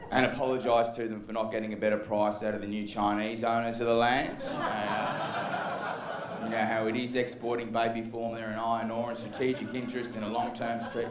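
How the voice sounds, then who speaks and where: A man's voice: medium pitch, slight background noise. A Western Australian man doing a live stand-up set, with a dry, offhand delivery and asides to the crowd. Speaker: stand-up comedian. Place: comedy club stage. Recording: echoey room with loud ambience.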